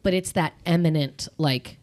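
A woman's voice: low-pitched, normal speed. A woman in her thirties in casual chat, telling stories and acting out the voices of others. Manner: animated storyteller, acts out quoted voices.

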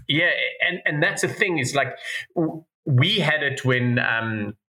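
A man's voice: a little high, animated, unhurried, bright, forceful tone. Man in a roomy echo. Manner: rambling, many restarts. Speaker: podcast co-host. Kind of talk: casual rugby analysis chat.

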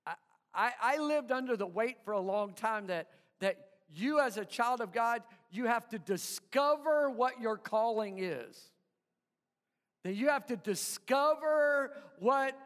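A man's voice: very high-pitched, fairly bright tone. A man pastor delivering an emphatic sermon, calling for responses from the congregation and often stumbling over repeated words. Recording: live sermon with long hall reverb.

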